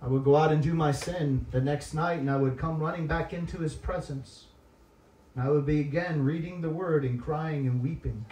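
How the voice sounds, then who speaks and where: This guest preacher, whose voice is high, speaks at a normal pace and moves back and forth between gentle, tearful confession and booming, emphatic exhortation. The echoey hall and distant mic leave his sermon ringing through the room.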